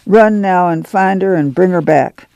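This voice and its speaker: A man's voice: high-pitched, measured pace, vocal fry, dry recording, highs cut off. Male reader doing a stern, protective farm mother, drawl, dry close read. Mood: firm. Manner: firm, hushed and protective. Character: weary, stern rural mother of a migrant family. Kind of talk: audiobook character voice.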